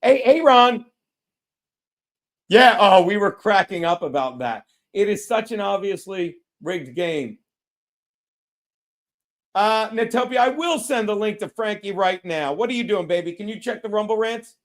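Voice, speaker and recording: A man's voice: high voice, lively intonation, measured pace, pauses often. A man hosting a casual livestream, telling rambling, profane stories and laughing at himself. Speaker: podcast host.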